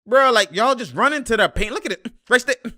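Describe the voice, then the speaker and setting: A young man reacting live to a basketball game, exasperated and slangy, laughing and shouting at the plays. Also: very high-pitched, expressive, a little fast. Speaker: sports commentator reacting to a game.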